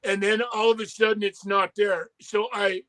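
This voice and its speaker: Man, high-pitched, swears freely, acts out quotes while telling a story; casual co-host energy. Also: flat delivery, normal speed, fairly bright tone, no room sound. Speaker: podcast co-host.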